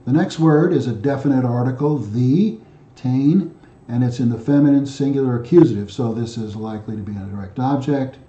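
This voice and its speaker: Guy walking through greek grammar slowly, super dark mellow voice, echoey dull room sound. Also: medium pitch. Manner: methodical, repeats himself with frequent fillers and restarts. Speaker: Greek teacher. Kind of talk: explaining grammar exercises.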